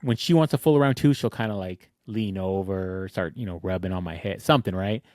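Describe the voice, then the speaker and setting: A man's voice: low-pitched, fairly quick, darkish tone, no room sound, studio quality. A man co-hosting a podcast, telling a rambling story in casual chat and laughing through his words. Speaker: podcast co-host.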